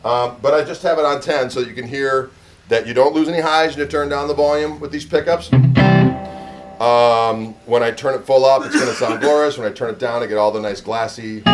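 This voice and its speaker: A middle-aged man, a guitarist, casually telling a story and introducing a pickup demo in a rambling, conversational way. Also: medium pitch. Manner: rambling, conversational, full of "you know".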